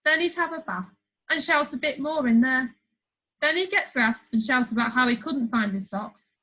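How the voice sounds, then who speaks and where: A woman's voice: high-pitched, expressive, normal speed, sharp tone, low-quality recording. A woman reading a funny children's story aloud, playful, with chatty asides to the listener. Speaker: storybook reader.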